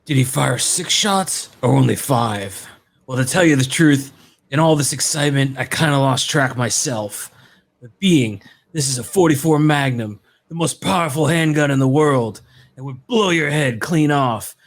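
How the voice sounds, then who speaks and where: A man doing an impression of a gruff tough-guy cop from a film, read slowly. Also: medium pitch, close to an everyday voice. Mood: menacing.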